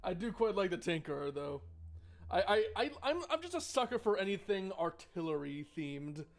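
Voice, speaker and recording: Chatty high-voiced man streaming a game. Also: sing-song, normal speed. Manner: chatty, joking, thinks aloud with restarts. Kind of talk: live board game playthrough.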